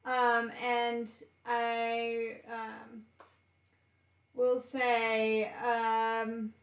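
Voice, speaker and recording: A woman's voice: fairly high pitch, monotone, extremely slow, reverberant. A woman playing in a tabletop game, talking hesitantly with many fillers. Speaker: player. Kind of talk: casual tabletop play.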